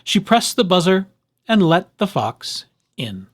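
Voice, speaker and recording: A man reading a children's picture book aloud with expressive, animated storytelling. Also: sits high, a little slow.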